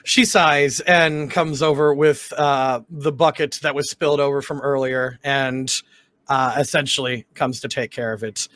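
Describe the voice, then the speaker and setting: A man's voice: medium pitch, fairly even intonation, measured pace, a bit bright, no echo. A man running a tabletop game as dungeon master, narrating with many stumbles and restarts.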